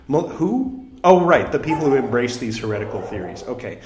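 A man reads an old religious text aloud, his voice rising and falling a lot as he goes. He keeps breaking off for chatty asides and quick self-corrections. The sound has a roomy echo around it. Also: mid-range voice, very animated, darkish tone. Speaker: scripture reader and commentator. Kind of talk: reading aloud with casual commentary.

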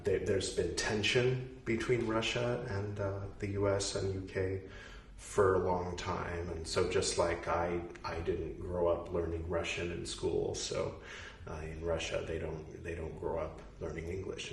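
A man in his forties reads a book aloud in a low voice and keeps wandering off into loose, self-interrupting side stories. He keeps apologizing for the detours. The sound is roomy, with the voice set back from the microphone. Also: fairly even intonation, a little slow, slight background noise. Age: 40s. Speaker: reader and commentator. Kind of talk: reading aloud with casual commentary. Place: room in Goa, India. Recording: roomy sound, distant from the mic.

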